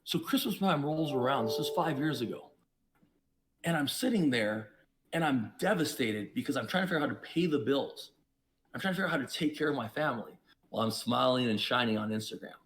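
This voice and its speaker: A man who is a podcast guest, telling his own story in an emphatic, preachy way, with sudden jumps in pitch and loudness. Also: lively intonation, brisk. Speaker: podcast guest, investor and entrepreneur. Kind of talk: reflective storytelling.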